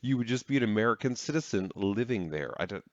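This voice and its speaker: A man's voice: fairly low pitch, animated, fast, no room sound. A man hosting a reaction video, chatting casually, swearing, laughing and trailing off. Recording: dry, slightly dull sound.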